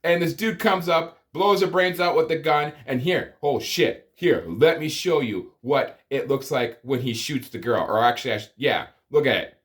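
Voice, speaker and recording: A man's voice: a little high, moderate pace, hardly any pauses. A man giving a profane comedic movie review, exasperated and ranting, with sighs and groans of disbelief. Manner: exasperated, swearing, sighing rants.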